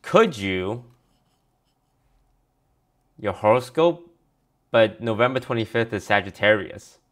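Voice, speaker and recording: A man's voice: fairly low pitch, animated, takes it slowly. A man streaming a card review in casual commentary, reading card text aloud and answering viewers offhandedly.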